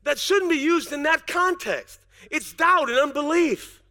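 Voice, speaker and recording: Man, pastor, sermon, very high voice, bright tone, chatty preaching with quick restarts. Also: animated. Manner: conversational preaching with acted-out dialogue and laughter; repeats words in quick restarts.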